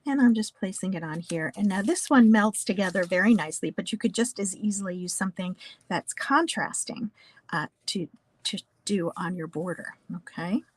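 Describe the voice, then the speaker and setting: A woman's voice: mid-range voice, normal speed, breathy edge, dry recording. A woman from New Jersey teaching a casual card-making class, chatty and talking through each step with small asides. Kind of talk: casual craft tutorial.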